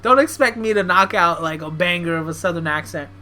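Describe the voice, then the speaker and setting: A woman's voice: lowish voice, a little fast, sharp tone. A woman from Brooklyn streaming a wrestling game, chatting casually and joking about her own bad accents as she reads the game text aloud. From Brooklyn, New York. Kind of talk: casual stream commentary while reading game dialogue.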